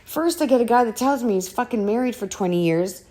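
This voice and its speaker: A woman's voice: on the high side, fairly quick. A woman vlogger telling a personal story in a casual monologue, blunt and exasperated, swearing freely. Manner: blunt and profane, frequent swearing; exasperated, animated delivery with restarts.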